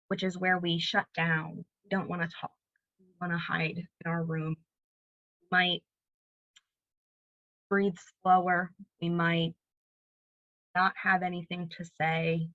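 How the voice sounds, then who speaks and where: A woman's voice: on the low side, no room sound, lo-fi sound. A woman giving a recorded library presentation, explaining ideas steadily and walking through examples. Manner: clear, steady teaching delivery with examples.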